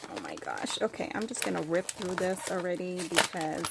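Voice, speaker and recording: A woman's voice: fairly low pitch, wildly swooping pitch, moderate pace, creaky, heavy background noise. A woman vlogger opening craft mail, gushing, gasping and squealing with delight as she talks to the camera. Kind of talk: excited unboxing chat to camera.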